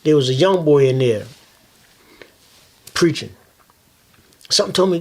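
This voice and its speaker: A man in his seventies telling his son stories from his life in a loose, animated way, often saying "man" and "you know". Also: on the high side, measured pace, pauses often, crowd noise. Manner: acts out other people's voices in his stories. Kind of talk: casual storytelling conversation.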